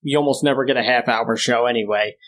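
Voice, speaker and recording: A young man co-hosting a podcast in casual chat, ranting with exaggerated disdain and climbing higher as he gets worked up. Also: fast talker, fairly bright tone. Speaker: podcast co-host.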